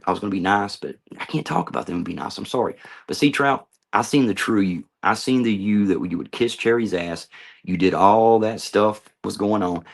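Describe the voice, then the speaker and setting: Middle-aged man, gravelly low voice, angry confrontational vlog rant. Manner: heated, confrontational, swearing. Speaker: vlogger. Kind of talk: ranting monologue to camera.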